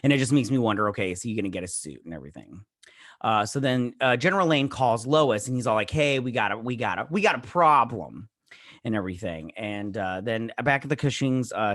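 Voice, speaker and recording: A man's voice: fairly low pitch, a bit bright, no room sound, studio quality. Chatty man recapping a TV episode. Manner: rambling, filler-heavy retelling full of "he's all like" quotes; briefly acts out characters' lines in quoted bits. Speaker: show host. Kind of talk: casual TV episode recap and review.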